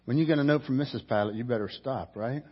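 Husky storytelling preacher man. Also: medium pitch, fast, dull audio. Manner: storytelling preacher, acts out characters' lines. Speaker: pastor. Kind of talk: sermon.

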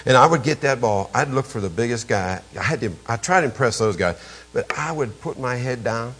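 An older man, preaching a storytelling sermon as a pastor, emphatic and jumping suddenly in pitch and volume. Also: animated, a little fast, a bit bright, breathy edge.

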